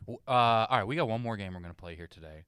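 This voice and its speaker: Male podcast host, low-pitched, dry wit, game runner. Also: expressive, racing, a bit bright, clean tone, no echo. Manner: dry, joking, running the games. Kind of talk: casual podcast chat, game hosting.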